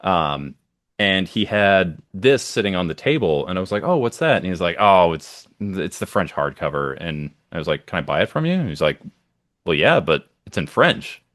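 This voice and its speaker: A man's voice: low voice, lively intonation, moderate pace, a bit bright, no echo, studio quality. A man co-hosting a casual podcast chat, enthusiastic and rambling with plenty of ums and uhs. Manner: enthusiastic, rambling with many fillers. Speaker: podcast co-host.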